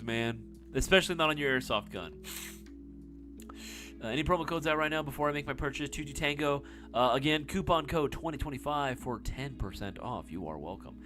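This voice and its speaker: A man's voice: mid-range voice, lively intonation, fairly quick, fairly bright tone, soft background music. A young man hosting a casual live-stream Q&A, swearing freely and laughing often. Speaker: live stream host answering viewer questions.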